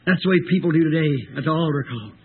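A man preaching a sermon with a raspy voice, telling a story dramatically and with fervor. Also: a little high, racing. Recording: tinny phone-like old recording.

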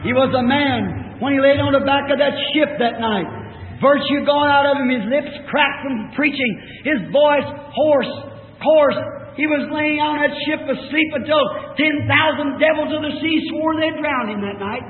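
A man's voice: very high voice, moderate pace. Fervent preacher man in an echoey hall. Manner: fervent, builds to shouting. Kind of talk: revival sermon. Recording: old echoey hall recording from far off, phone-like.

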